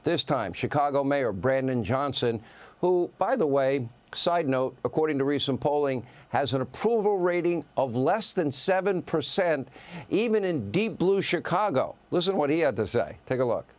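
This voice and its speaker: A male news host with a fairly high voice, delivering a sarcastic opinion monologue. He talks in punchy lists and scoffing asides. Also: expressive, moderate pace.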